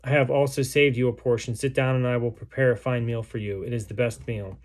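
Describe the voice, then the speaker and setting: A man's voice: medium pitch, steady tone, fairly quick, natural voice. A man reading aloud the words of a starving, grief-stricken mother in a besieged city, in a solemn, pleading way. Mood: bitter, accusing.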